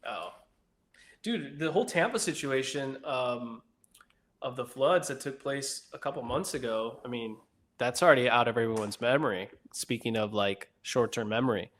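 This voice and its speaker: A man's voice: mid-range voice, moderate pace, fairly bright tone. A man co-hosting a podcast, talking casually and pressing his co-host with follow-up questions. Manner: probing questions, conversational. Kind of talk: casual chat.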